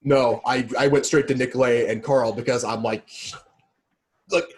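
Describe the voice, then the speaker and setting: A man plays his character at a tabletop game. He speaks in a hushed, halting way, restarting his sentences as he thinks. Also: medium pitch, fairly even intonation, noisy background. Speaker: player. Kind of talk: tabletop role-play.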